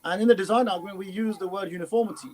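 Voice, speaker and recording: A man on a panel giving earnest, halting explanations with frequent fillers. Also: sits high, darkish tone, rough recording. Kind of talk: casual panel chat.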